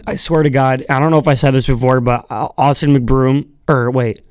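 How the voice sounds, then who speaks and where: A man's voice: medium pitch, fairly even intonation, moderate pace, darkish tone, smooth, no echo. A young man hosting a casual solo podcast, rambling with lots of fillers and casual swearing, sounding like he just woke up. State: just woke up, voice a bit groggy. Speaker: podcast host.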